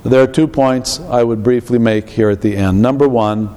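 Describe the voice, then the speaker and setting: A man preaching a sermon as pastor, in a slow, measured way. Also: mid-range voice, dark tone. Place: church. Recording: long reverb of a church hall.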